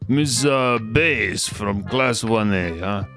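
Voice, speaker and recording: A man's voice: fairly low pitch, slow pace, fairly bright tone, soft background music. A man voicing a grandiose male home economics teacher with a put-on Russian-style accent and broken grammar, reading game dialogue.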